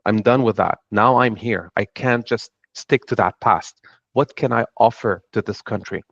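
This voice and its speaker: A man's voice: lowish voice, normal speed, creaky, no echo. A middle-aged man from Lebanon with a Lebanese accent, speaking earnestly on a panel about his own path. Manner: earnest, reflective storytelling. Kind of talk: panel talk. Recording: dull dry sound.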